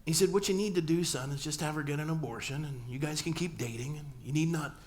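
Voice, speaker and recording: In a church sanctuary, a fast-talking pastor with a fairly high voice preaches a sermon built around a personal story. He tells it with humor, acting out dialogue between family members.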